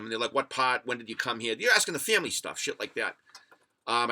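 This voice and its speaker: American guy hosting a livestream, rambly, swears a lot, reads chat, bright sharp voice. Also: medium pitch. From United States. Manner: rambling, profane storyteller reading chat comments. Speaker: livestream podcast host.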